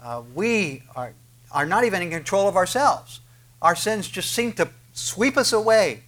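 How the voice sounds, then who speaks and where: Earnest preacher, man, slightly high voice. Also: expressive, moderate pace, a bit bright. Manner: earnest preaching with frequent "uh" fillers and rhetorical questions. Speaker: pastor. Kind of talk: sermon.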